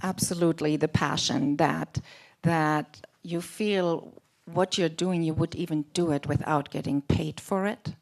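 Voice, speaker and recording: A woman's voice: low voice, steady tone, measured pace, vocal fry, darkish tone. A woman panelist agreeing and listing traits in short phrases.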